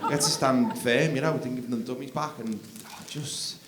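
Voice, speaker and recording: A man doing live stand-up comedy on a theatre stage, swinging from mumbled asides to shouted outbursts. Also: mid-range voice, fairly quick, a little hiss or hum. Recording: roomy live theatre recording with crowd. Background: laughing audience.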